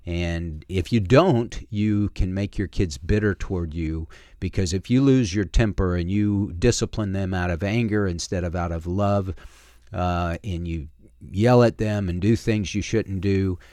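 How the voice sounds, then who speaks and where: In a radio studio, a middle-aged pastor hosts a casual talk radio show mixed with preaching, his low voice dark in tone and unhurried. He speaks earnestly and folksily, with plenty of filler words, on a dry, studio-quality recording.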